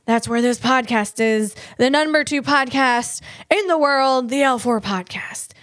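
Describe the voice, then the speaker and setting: Excitable high-voiced woman podcaster. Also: unhurried, no room sound, studio quality. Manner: bubbly, excitable, rambling with playful asides. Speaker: podcast host and comedian. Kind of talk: solo comedic tech podcast chat.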